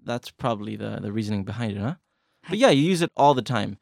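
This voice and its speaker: A man's voice: lowish voice, expressive, fast, creaky, no room sound, studio quality. A man hosting a casual language lesson podcast, chatty and joking, often restarting his phrases. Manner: chatty, self-correcting, joking. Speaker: podcast host.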